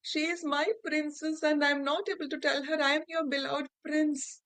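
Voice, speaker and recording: A woman's voice: high-pitched, flat delivery, moderate pace, fairly bright tone, pitched above the performer's own voice. A woman with an Indian English accent voicing a young prince trapped in a fox's body, speaking in a distressed, exclaiming way. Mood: anguished. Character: anguished young prince turned into a fox.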